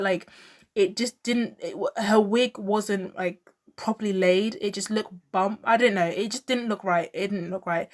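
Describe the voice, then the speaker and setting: A woman talking casually to camera as a pop culture vlogger, chatty and opinionated, full of fillers and gushing exclamations. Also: medium pitch. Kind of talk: casual fashion commentary.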